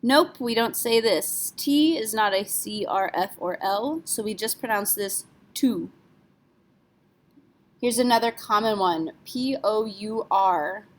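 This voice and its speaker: A woman's voice: on the high side, normal speed, few pauses. A woman teaching French pronunciation in a patient lesson, spelling words out letter by letter. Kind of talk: classroom lesson explanation.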